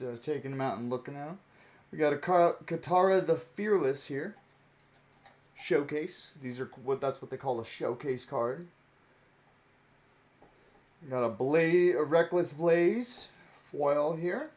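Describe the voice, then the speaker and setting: A man's voice: a little high, lively intonation, measured pace, pauses often, a little mellow. A young man streaming a card-pack opening, chatting casually with many fillers and chuckles.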